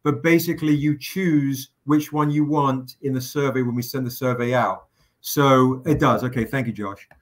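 A man's voice: mid-range voice, steady tone, normal speed. A man hosting a live stream, chatting casually with fillers, jokes and the odd swear word. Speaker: livestream host running a crowdfunding campaign.

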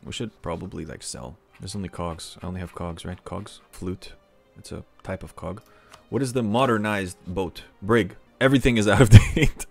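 Gravelly low-voiced man playing a game. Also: normal speed, faint music behind. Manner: talks to himself, excitable outbursts. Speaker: strategy game let's-player. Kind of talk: casual gameplay commentary.

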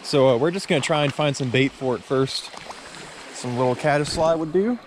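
A man narrating his night fishing at a stream, excitable and rambling, full of fillers. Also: on the high side, moderate pace, background noise. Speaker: fishing vlogger. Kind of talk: casual outdoor narration.

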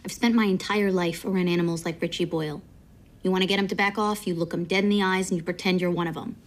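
A woman's voice: fairly low pitch, steady tone, fast, lightly acted. Actress playing a tough 1950s Chicago young woman, blunt, defiant, film drama.

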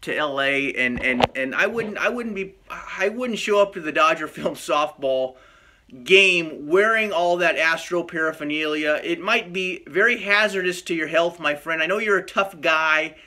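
A man hosting a comic vlog sketch in a mock-serious, fatherly tone. His voice is high and very bright, with a sharp edge. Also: normal speed. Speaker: vlog host.

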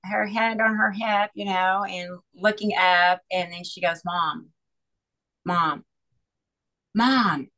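A middle-aged woman guest recounts a deeply personal story in a somewhat low voice. She speaks earnestly and haltingly, leaning on "you know" and restarting her sentences. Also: bright, forceful tone, poor audio.

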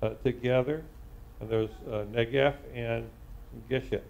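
A man teaching a live Torah class as a rabbi, reading Hebrew word by word and translating it with frequent pauses. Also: medium pitch, fairly even intonation, a little mellow, lo-fi sound. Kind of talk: live Bible study lesson.

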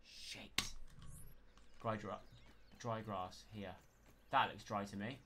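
A man's voice: fairly low pitch, takes it slowly. Chatty West Country man streaming a game. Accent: West Country English. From West Country of England. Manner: chatty self-narration, bursts into panicked yelling. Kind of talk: live gameplay commentary. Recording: steady background noise under the voice.

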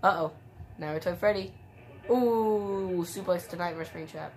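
Excitable woman calling a video game match. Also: lowish voice, measured pace, a little hiss or hum. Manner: excitable, gasping exclamations, frequent sudden shrieks. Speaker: gameplay commentator. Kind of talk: casual play-by-play commentary of a wrestling video game.

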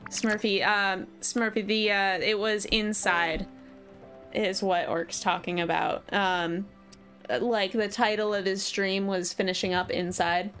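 A woman's voice: medium pitch, flat delivery, slow, fairly bright tone. A young woman streaming a video game live, chatting casually, reading out viewer comments and laughing often. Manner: reads chat aloud, laughs often, chatty and candid. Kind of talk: casual live-stream chat while gaming. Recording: game music behind voice. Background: game music.

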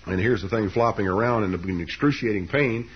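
A man preaching a sermon, telling a scripture story with lively, dramatic delivery. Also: a little fast, muffled recording, slight background noise. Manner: animated storytelling, leaps up in pitch for quoted lines.

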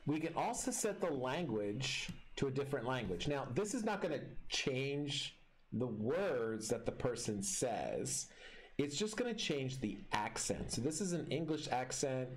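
A man's voice: medium pitch, sing-song, unhurried. A man teaching a class through a screen-recorded tutorial, explaining each step in a friendly way. His voice rises and falls a lot as he talks. A faint hiss sits under the recording.

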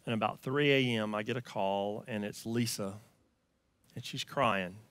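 A male pastor with a Southern US accent preaches in a storytelling way. His tone is bright and forward. The sound is dry and close, and he swings from loud, emphatic lines to quiet, hushed ones. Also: lowish voice, a little slow, no echo. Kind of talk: sermon.

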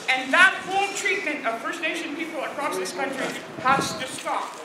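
A woman's voice: sits high, moderate pace, few pauses. A woman from Alberta, a First Nation leader, giving an emphatic, indignant speech at an outdoor rally in cold weather. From Alberta, Canada. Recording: echoey, distant, noisy outdoor crowd ambience.

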